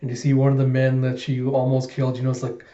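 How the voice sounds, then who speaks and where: A man's voice: medium pitch, fast. A man hosting a casual manga reaction review, retelling scenes with animation. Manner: animated retelling, laughing along. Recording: echoey room, dull sound.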